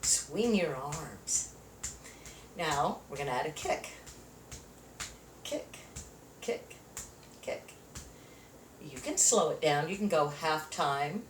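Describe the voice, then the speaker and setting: Leading a chair yoga class, a woman counts out the moves and offers encouraging cues while slightly out of breath. Her voice sits low and is expressive, with a slow pace and frequent pauses. The recording is roomy and echoey, with a distant mic and faint background noise.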